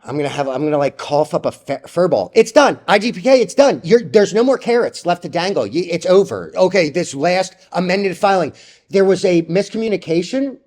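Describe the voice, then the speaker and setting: A young man ranting bluntly about stock trades, profane and rambling, with a slightly high voice. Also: lively intonation, a little fast, a little mellow. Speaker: stock trading vlogger. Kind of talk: casual ranting commentary.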